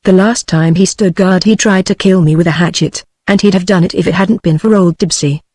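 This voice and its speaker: Gruff blunt adventurer guy, read by a British synthetic woman, storybook. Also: fairly low pitch, brisk, darkish tone, no room sound, clean studio sound, natural voice. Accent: British English. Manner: plain synthetic reading. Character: blunt angry American adventurer man.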